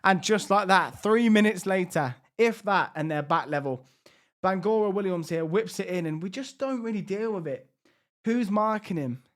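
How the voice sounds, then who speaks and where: A man commentating his own video game, swinging from hushed tension to loud excited outbursts. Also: high-pitched, normal speed. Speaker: gaming YouTuber.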